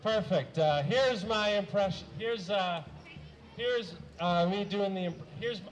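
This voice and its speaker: A young man doing a deadpan stand-up set of one-liners, halting, with many uhs and some throat clearing. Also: sits high, rough recording. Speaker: stand-up comedian.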